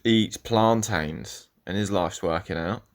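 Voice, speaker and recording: A young man talks alone into his podcast mic in a rambling, profane monologue. His voice sits on the low side, and he keeps breaking off mid-thought to start again. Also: unhurried. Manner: rambling, profane, self-interrupting. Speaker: podcast host.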